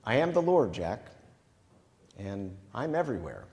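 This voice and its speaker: Calm, unhurried God voice, put on by a preacher, gently amused, in a reverberant chapel. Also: male voice, fairly low pitch, vocal fry, heavily acted. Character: calm, patient male voice of God.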